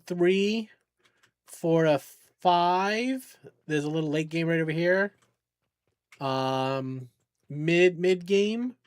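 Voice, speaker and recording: A man's voice: on the high side, dry recording. A man live-streaming a game, chatting casually and rambling, swearing when the game frustrates him. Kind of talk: casual live-stream chat while gaming.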